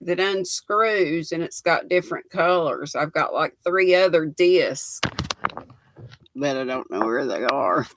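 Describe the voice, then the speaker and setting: Folksy and chatty, an older North Carolinian with a local Southern accent reads comments and says hello to viewers by name during a crochet livestream. She sits low in pitch, with lively intonation, a slightly slow pace, and a bit of brightness.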